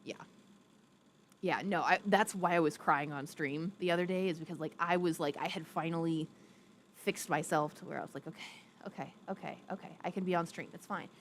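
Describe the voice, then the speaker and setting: Fairly quick and casual, a young woman rambles on a live stream, voicing viewers' comments aloud as she goes. Her pet gets high-pitched baby-talk cooing. She records on a streaming setup with a ring light, and there's a slight bit of background noise.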